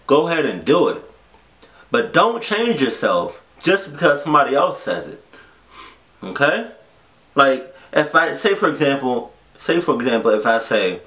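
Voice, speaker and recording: A man's voice: mid-range voice, very animated, measured pace, pauses often, fairly bright tone. A man vlogging from the heart, earnest and emotional, restarting his phrases and swearing as he presses his point. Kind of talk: heartfelt reaction vlog talk.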